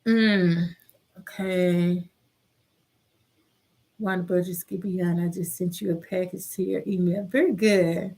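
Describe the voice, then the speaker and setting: A woman's voice: fairly low pitch, fairly even intonation, measured pace, pauses often, mellow. A middle-aged woman hosting a casual live-stream chat, reading viewer comments aloud in a heartfelt, caring way.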